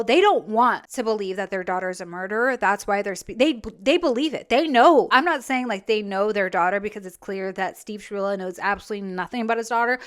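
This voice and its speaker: A young adult woman giving casual reaction commentary, blunt, profane and incredulous. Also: medium pitch. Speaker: true crime commentator.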